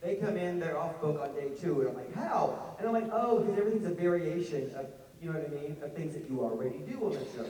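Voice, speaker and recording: A man's voice: fairly high pitch, quick pace, hardly any pauses. Rambling Southern man in an echoey hall. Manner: rambling, self-mocking, animated asides. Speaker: convention panel guest. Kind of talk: casual storytelling to an audience. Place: large convention hall. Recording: echoey hall, heard from far off.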